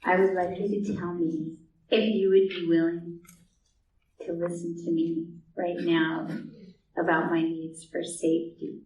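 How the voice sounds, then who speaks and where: A woman taking part in a workshop role-play, speaking in a hesitant, halting way. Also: fairly low pitch, little pitch movement, a little mellow, highs cut off. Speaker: workshop participant. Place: workshop room. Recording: echoey room from far off, faint hiss.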